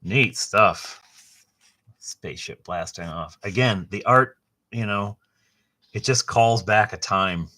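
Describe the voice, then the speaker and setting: A middle-aged man hosting a casual book unboxing, rambling and enthusiastic, with a halting way of talking. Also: lowish voice, bright, forceful tone. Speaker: host.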